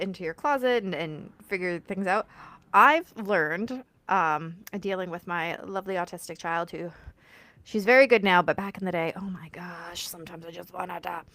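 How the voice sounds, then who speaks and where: A woman in her thirties hosting a casual talk, animated, laughing often and acting out quoted lines. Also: medium pitch, moderate pace, no room sound. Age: 30s. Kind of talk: casual conversational chat.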